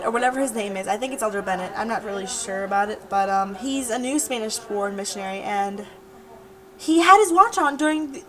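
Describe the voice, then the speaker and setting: A woman's voice: sits high, poor audio. A young woman talking casually to her webcam in a diary-style vlog, rambling and repeating herself. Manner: rambling, chatty, repeats words. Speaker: vlogger.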